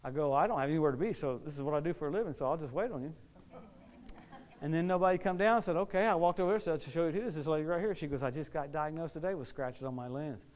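Fast-talking, animated male preacher. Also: fairly high pitch. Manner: animated, quick storytelling with acted-out quotes and laughs. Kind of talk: storytelling sermon.

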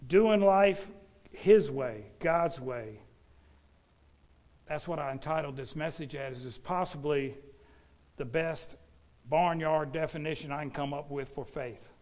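A man's voice: a little high, takes it slowly, long pauses. Folksy older preacher man. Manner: folksy, animated preaching with asides to the congregation. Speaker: pastor. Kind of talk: sermon.

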